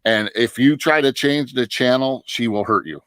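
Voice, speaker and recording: A man's voice: mid-range voice, moderate pace, fairly bright tone, clean tone, dry recording. A middle-aged man from northern Michigan, chatting casually on a livestream, telling long stories with many restarts and frequent laughs. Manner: rambling storyteller, laughs often, many restarts. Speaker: livestream guest. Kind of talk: casual chat.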